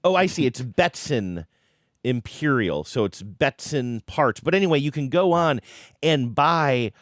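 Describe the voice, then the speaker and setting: A man's voice: mid-range voice, expressive, measured pace, no room sound. Wry teasing man, dry studio sound. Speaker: podcast co-host. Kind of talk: casual chat.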